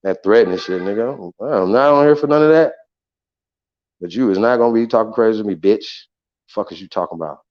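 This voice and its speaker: A man's voice: lowish voice, fast. A man hosting an online show, delivering a profane, boastful, confrontational rant. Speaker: show host. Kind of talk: heated livestream rant. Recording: muffled lo-fi audio.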